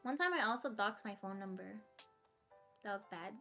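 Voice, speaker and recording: A woman's voice: mid-range voice, lively intonation, normal speed, fairly bright tone, faint music behind. A young woman streamer chatting casually as a podcast guest, laughing often. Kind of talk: casual interview chat.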